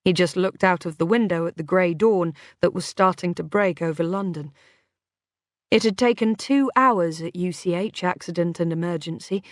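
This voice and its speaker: A woman's voice: medium pitch, dry recording, clean studio sound. A woman reading a thriller audiobook in first-person scripted narration, with tense, dramatic delivery.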